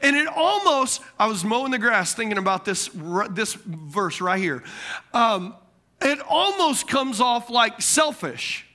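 A man preaching a sermon, asking the congregation questions, repeating key words and swinging between loud bursts and quiet lines. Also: very high-pitched, sing-song, a little slow. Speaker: pastor.

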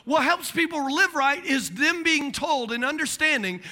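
A man with a very high, bright, piercing voice preaches a sermon to his congregation. He is middle-aged and animated, joking as he acts out little quoted voices and drops into muttered asides. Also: moderate pace. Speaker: pastor.

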